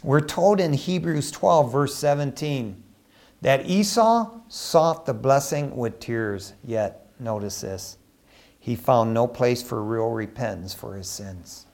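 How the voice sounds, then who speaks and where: Animated, emphatic male preacher. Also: medium pitch, slow, vocal fry. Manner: animated, emphatic, swings between loud and hushed. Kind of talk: sermon.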